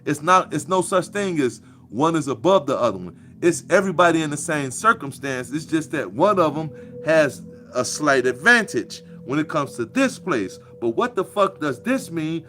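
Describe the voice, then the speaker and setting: A man's voice: on the high side, lively intonation, moderate pace, fairly bright tone. A man, delivering a profane, preachy monologue with a mocking edge. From Chicago. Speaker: commentator. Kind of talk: casual monologue.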